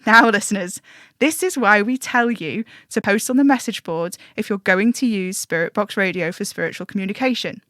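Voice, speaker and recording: A woman's voice: mid-range voice, moderate pace, a bit bright, no room sound, studio quality, natural voice. A woman voicing an earnest, matter-of-fact stand-in male radio advice host who over-explains things, in an audio drama. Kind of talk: scripted audio drama monologue.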